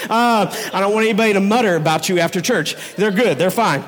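High-voiced animated male preacher. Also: fast, few pauses. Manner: animated storytelling with acted crowd voices. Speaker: pastor. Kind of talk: sermon. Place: church sanctuary. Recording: long reverb of a large hall.

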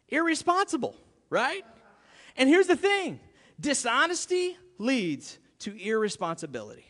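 A male pastor preaching with a high, lively voice that swoops up and down, conversational and playful. His words ring out with a long reverb, as if he stands in a large church hall. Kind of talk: sermon.

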